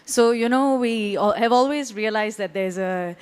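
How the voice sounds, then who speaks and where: A woman's voice: a little high, moderate pace, a little mellow, clean tone. A woman in the audience who introduces herself as a business leader and asks a question in a confident, slightly playful way.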